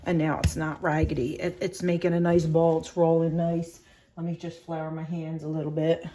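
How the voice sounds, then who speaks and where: A woman's voice: low-pitched, flat delivery, normal speed, dark tone. A middle-aged woman chatting casually through a home baking demonstration, rambling with fillers and restarts, her voice a little shaky from kneading.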